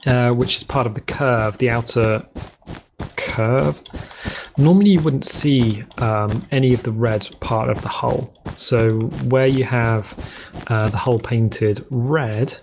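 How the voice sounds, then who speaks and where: A man's voice: mid-range voice, gravelly, a little hiss or hum. A man with a rambling, jokey, self-correcting manner, giving casual commentary as he plays a game. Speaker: let's play host.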